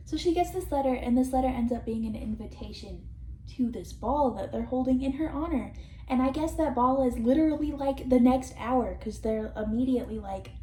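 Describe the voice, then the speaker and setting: A woman's voice: a little high, normal speed, warm tone. A young woman vlogger rambling in casual commentary, swearing, mocking and laughing often, recorded on a camera mic in a room. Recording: echoey room with faint noise.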